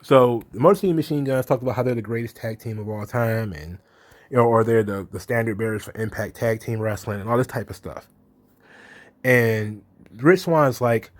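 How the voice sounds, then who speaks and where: A man's voice: mid-range voice, normal speed. A man hosting a casual solo commentary, blunt and exasperated, swearing freely and acting out quotes. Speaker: wrestling commentary host.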